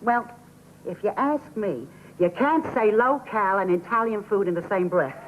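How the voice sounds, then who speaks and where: A woman's voice: medium pitch, normal speed, a little hiss or hum, natural voice. An actress playing an older grandmother who hosts a cooking show, chatty and motherly, tinny old broadcast sound. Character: warm old Italian-American grandmother cooking-show host.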